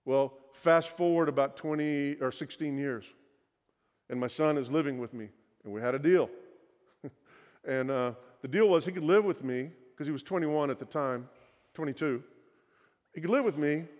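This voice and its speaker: A middle-aged man preaching, his voice sitting a touch high for a man. He tells personal stories earnestly and often sinks to a soft, confiding hush. A long hall reverb trails behind every phrase. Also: normal speed. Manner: earnest storytelling, drops to quiet confiding tones. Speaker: pastor. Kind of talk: sermon.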